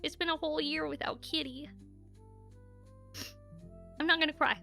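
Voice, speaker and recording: A young woman talks casually to her live-stream chat in a high, bright voice. She is candid and chatty, dropping swear words freely. Faint music plays underneath. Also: fairly even intonation, moderate pace, creaky.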